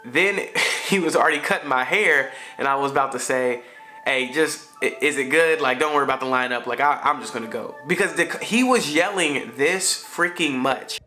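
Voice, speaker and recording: A man's voice: medium pitch, normal speed, sharp tone, soft background music. A father vlogger, a man telling a family story in a slangy, conversational way with frequent fillers. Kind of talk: casual storytelling to camera.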